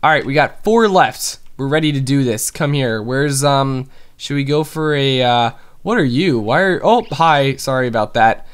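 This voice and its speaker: A young gaming host talks through his play session in a loose, rambling way. His voice is smooth and clean, at an everyday pitch for a man, and he gets excited easily. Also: normal speed, hardly any pauses. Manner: excitable, chatty, with frequent fillers. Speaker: gaming YouTuber. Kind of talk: casual gameplay commentary.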